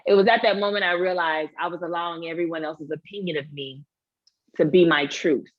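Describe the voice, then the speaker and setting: A woman's voice: lowish voice, fairly quick, dry recording, highs cut off. A woman guest, an actor and author, chatting in an interview and acting out quoted voices as she tells stories. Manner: animated storyteller, acts out quoted voices. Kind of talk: casual interview chat.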